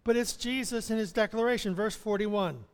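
A man's voice: sits high, moderate pace, smooth. A man preaching a sermon as pastor, in a conversational way with chuckles and restarts. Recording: long hall reverb.

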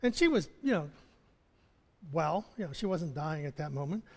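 Heard through long hall reverb, a male chaplain gives a conversational sermon with personal anecdotes, often chuckling and restarting his sentences. He speaks at a normal speed in a fairly high, very animated, slightly mellow voice.

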